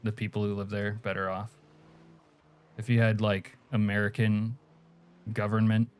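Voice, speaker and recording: A man from Alaska streams a game and chats casually and crudely with viewers, answering chat, joking, swearing and laughing often. His lowish voice is flat, a little mellow and clean in tone, at a moderate pace.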